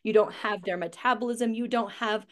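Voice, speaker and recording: A woman's voice: fairly high pitch, normal speed, a bit bright. Blunt, swearing woman chatting. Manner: blunt and profane, laughs often. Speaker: podcast host. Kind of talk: casual chat.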